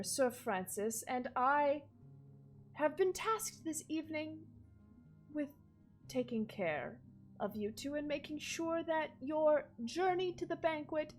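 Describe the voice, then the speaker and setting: Weary but loyal manservant, voiced by a woman, formal and a touch higher pitched. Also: heavily acted. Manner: formal, polite, lightly exasperated. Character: dutiful, slightly weary male servant. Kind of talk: voicing a character in a tabletop game.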